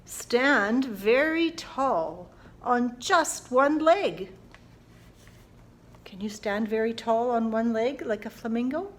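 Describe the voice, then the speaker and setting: A woman's voice: on the high side, lively intonation, slow, slight background noise. A woman librarian hosting a family storytime, reading a picture book and leading children in playful actions and bird sounds.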